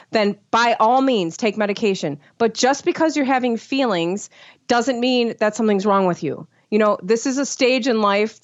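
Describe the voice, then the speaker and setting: Female co-host, somewhat high voice, candid chat, dry and muffled lo-fi sound. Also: no room sound. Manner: candid, frank, lots of "like" and restarts. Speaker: podcast co-host. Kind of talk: casual chat. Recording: dry, dull lo-fi mic.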